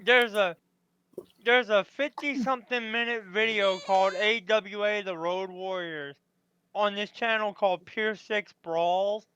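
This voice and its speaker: A man's voice: high voice, fairly even intonation, unhurried, bright, forceful tone, slight background noise, poor audio. A man in casual chat who keeps asking his friends questions. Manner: curious, asks questions.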